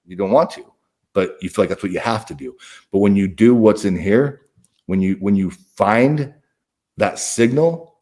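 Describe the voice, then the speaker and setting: A man's voice: lowish voice, moderate pace, a little mellow. A middle-aged man, a podcast guest, talking candidly in a blunt, profane way with frequent restarts. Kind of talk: candid conversational storytelling.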